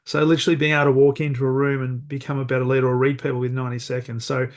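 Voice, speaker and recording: A man's voice: mid-range voice, flat delivery, very fast. A man with an Australian accent hosting a podcast interview, upbeat and welcoming, often restarting his sentences. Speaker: podcast host.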